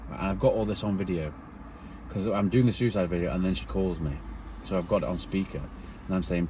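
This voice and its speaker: A man's voice: low voice, a little fast, background noise. A man earnestly retelling a painful personal story in a rambling, emotional way.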